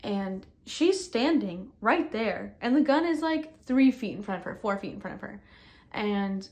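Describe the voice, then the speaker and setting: Woman talking through a rough personal story, loose and casual, lots of "like", outdoors. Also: mid-range voice, animated, darkish tone. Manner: talks in quick bursts full of fillers like "like". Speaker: recounting a personal ordeal.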